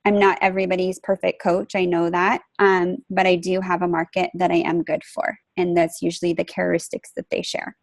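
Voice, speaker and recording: A woman's voice: lowish voice, level tone, a little fast, creaky, hardly any pauses, no room sound. A woman coaching her team on a group call, chatty and upbeat, with many fillers and restarts. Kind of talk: casual conference call.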